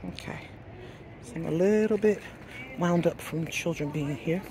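A woman's voice: lowish voice, unhurried, darkish tone. Woman praising her dog in soothing tones. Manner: soothing, praising, firm short commands to a dog. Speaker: dog trainer vlogging a training session. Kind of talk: casual vlog narration and talk to a dog. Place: outdoors by a public pool.

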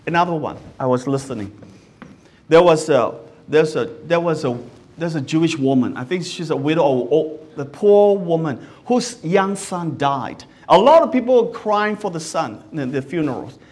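Male pastor, high voice, earnest sermon with frequent restarts. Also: expressive, moderate pace, darkish tone. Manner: earnest, asks the listeners many questions; often restarts words mid-sentence.

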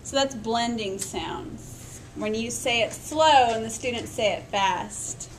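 A woman's voice: fairly high pitch, slow pace, slight background noise, low-quality recording. Woman lecturing, modeling speech sounds. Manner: explains step by step, models speech sounds aloud, checks in with "right?". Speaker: literacy education instructor. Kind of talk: recorded lecture.

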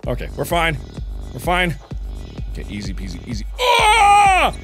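A man giving let's play commentary with loud yelps, screams, goofy noises and crude joking outbursts. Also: high voice, huge pitch swings, measured pace, music in the background. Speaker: gaming video creator.

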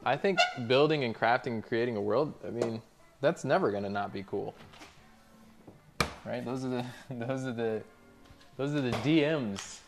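A man's voice: medium pitch, normal speed, vocal fry, long pauses, music in the background. A man streaming, reading out chat messages and chatting casually in a laid-back, rambling way with frequent laughs.

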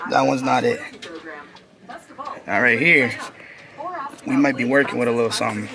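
A young man in a casual, slangy vlog, chatting excitedly while browsing a store. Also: medium pitch, moderate pace, vocal fry, pauses often. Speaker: vlogger. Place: indoor retail store. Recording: store music behind the voice. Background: music playing in the store.

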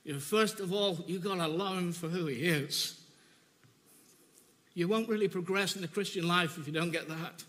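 In a church, a preacher with a high, bright voice gives a sermon at a moderate pace. He shares his own story with deep emotion, frequently restarting and repeating phrases, and the church hall's long reverb fills the recording.

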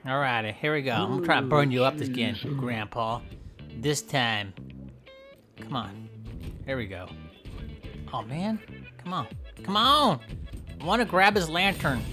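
Goofy, loud man narrating gameplay. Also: fairly high pitch. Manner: goofy, trash-talking, yelps and shouts often. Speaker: gameplay video host. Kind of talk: playful let's-play commentary.

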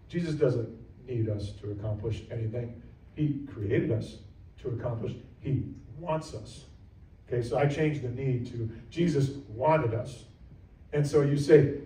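A man preaches a sermon as a pastor, earnest and repetitive in his emphasis. His voice is mellow and warm. He is picked up from some distance away, in a roomy church with echo. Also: mid-range voice. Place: church sanctuary.

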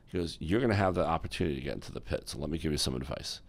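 A man's voice: a bass voice, animated, fast talker, creaky. A middle-aged man from the United States, an interview guest who tells stories animatedly and acts out the voices of people he quotes. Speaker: guest, former exchange executive. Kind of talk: storytelling interview talk.

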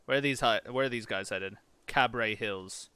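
Bright-voiced man narrating a strategy game. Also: medium pitch, normal speed, smooth. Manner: casual, chatty, mutters reactions to the game. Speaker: gaming channel host. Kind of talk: let's-play commentary, reading in-game events aloud.

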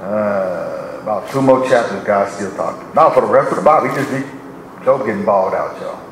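A man's voice: on the low side, fairly quick. A man, a bishop, preaching a sermon full of humor, acting out the voices of people he quotes. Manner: animated, joking, acts out quoted speech. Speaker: bishop and pastor. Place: church. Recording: echoey church with background noise.

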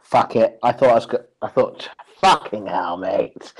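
A young man in casual gaming banter, his voice swooping all over as he gets worked up. He curses freely and teases his opponent. His pitch sits in an ordinary middle range. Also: husky. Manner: swearing, excitable, teasing. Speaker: streamer.

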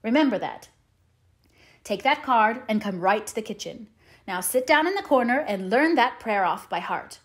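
A woman's voice: fairly high pitch, animated, lightly acted. Marilla, a woman reading as a stern older guardian. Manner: brisk, clipped, scolding. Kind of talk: audiobook character reading.

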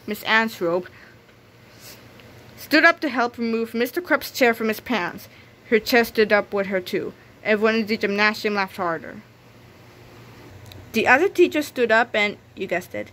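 A woman's voice: mid-range voice, a bit bright. A woman reading a children's book aloud, telling the story with small slips and restarts. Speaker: reader.

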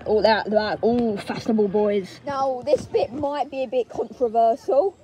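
At an outdoor zoo with crowd noise in the background, a young woman vlogs in a casual, playful way, speaking to the animals in a sing-song tone. Her voice is a little high and mellow, at a moderate pace.

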